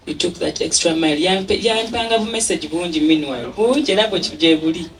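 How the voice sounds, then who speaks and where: A woman's voice: on the low side, brisk, a little hiss or hum. A woman with a Ugandan accent giving an emotional thank-you speech at an event. She laughs often and mixes English with Luganda. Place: event venue. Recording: distant mic with a crowd behind.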